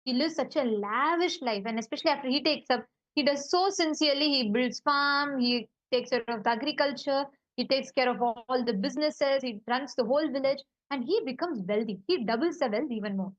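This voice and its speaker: A woman telling a spiritual story in an animated way, with fillers like "uh" and "you know". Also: sits high, fairly quick, hardly any pauses, no room sound, muffled recording. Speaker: devotee giving a spiritual talk.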